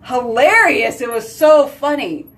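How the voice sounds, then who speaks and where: A woman's voice: high voice, expressive, a little slow, far from the mic. A woman hosting a casual live video chat, telling giggly stories and answering viewer comments. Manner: chatty, giggly storytelling. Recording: voice slightly off-mic.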